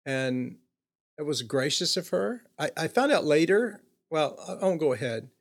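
A man's voice: a little high, big pitch swings, vocal fry. Older man telling an earnest personal story. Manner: earnest, halting, often trailing off with fillers. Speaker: guest.

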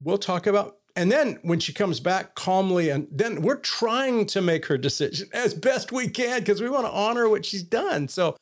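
A man with a notably high speaking voice talks in a relaxed, conversational way. He tells earnest stories and slips into the voices of the people in them. He sounds middle-aged. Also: normal speed, hardly any pauses. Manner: earnest storytelling with quoted dialogue. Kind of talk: casual conversation.

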